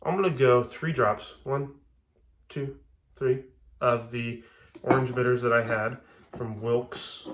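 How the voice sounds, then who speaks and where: A young man talks through making a cocktail at home in a loose, rambling way. He restarts sentences and drifts into asides. His voice sits at an ordinary middle pitch. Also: steady tone, slow, pauses often, a little hiss or hum. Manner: chatty, rambling, frequent restarts. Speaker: bourbon video host. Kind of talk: casual home cocktail demo.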